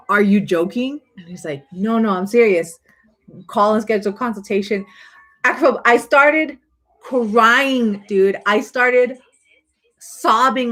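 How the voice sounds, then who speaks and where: A woman's voice: fairly low pitch, a bit bright. A woman in her thirties chatting casually to viewers on a live stream, rambling with lots of fillers.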